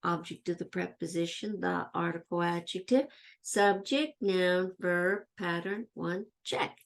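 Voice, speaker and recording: Teaching children grammar, a woman with a lowish voice and vocal fry leads chanted question-and-answer drills. She quizzes herself in a playful way, taking on the role of an imaginary student posing the questions.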